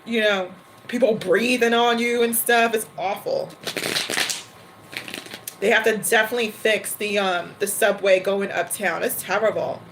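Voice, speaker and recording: A woman hosting a livestream, chatting casually and laughing often between quick asides. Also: medium pitch, creaky, background noise. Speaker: tarot reader livestream host.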